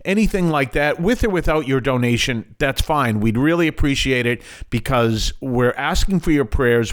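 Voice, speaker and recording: An older man hosts a Catholic program and talks through scripture earnestly. He explains as he goes and keeps stepping aside to add remarks. His voice sits at an ordinary middle pitch. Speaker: radio program host.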